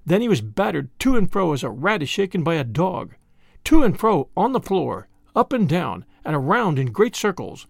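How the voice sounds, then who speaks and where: A man reads a classic tale aloud with dramatic, expressive energy. His voice sits high and swoops a lot, with a gravelly edge. The recording is close and dry, with no room sound. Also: moderate pace, no echo. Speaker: narrator. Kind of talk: storybook narration.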